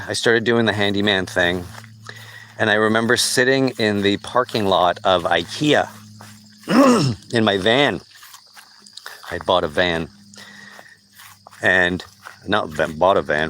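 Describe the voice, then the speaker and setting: A man's voice: sits low, a bit bright, a little hiss or hum. A man hosting a podcast, telling a personal story in a blunt, profane, casual way. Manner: blunt and profane, with frequent swearing and fillers. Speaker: podcast host.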